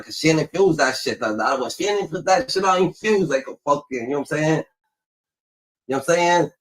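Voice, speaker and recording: A man with a somewhat high-pitched voice reacts to clips in loose, profane slang. He trails off with filler syllables as he riffs. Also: expressive, fairly quick, rough recording. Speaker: reaction channel host. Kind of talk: casual reaction commentary.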